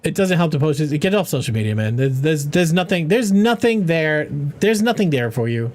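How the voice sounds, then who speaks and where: High-voiced profane streamer. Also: male voice, animated, moderate pace. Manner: loose, profane, rambling with restarts. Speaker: charity gaming streamer. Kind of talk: casual livestream chat.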